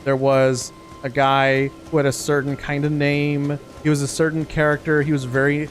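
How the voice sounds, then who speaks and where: A man's voice: fairly high pitch, completely flat delivery, moderate pace, faint music behind, low-quality recording. A young man chatting over a video game, telling rambling stories with stammers and laughs. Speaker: co-host of a gaming channel. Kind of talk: casual gameplay commentary chat.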